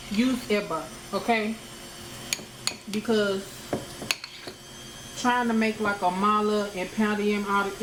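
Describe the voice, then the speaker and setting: This casual cooking vlog features a talkative woman from the United States showing how she makes a home-cooked meal and repeatedly addressing viewers as y'all. She speaks at a middle pitch in an echoing kitchen with steady background noise.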